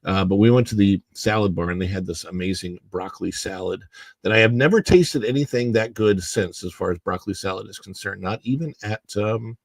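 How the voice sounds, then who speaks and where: Gravelly man, hoarse morning voice. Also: lowish voice, brisk, no room sound. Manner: rambling, chatty, greets viewers by name. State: morning throat, clearing it often. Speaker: livestream host. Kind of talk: casual livestream chat reading viewer comments.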